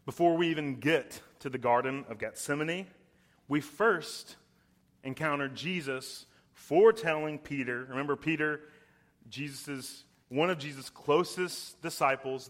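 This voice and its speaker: A young adult man preaching a sermon, emphatic and slowing down to stress key words. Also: a little high. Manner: puts on voices when quoting.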